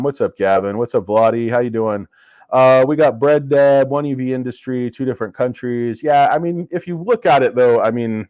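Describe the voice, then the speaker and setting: A man's voice: mid-range voice, darkish tone, dry recording. A man with a stuffy head cold hosting a casual livestream on a lapel mic, rambling and joking with viewers. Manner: rambling, jokey, chatting with viewers. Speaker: livestream host. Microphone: cheap lapel microphone.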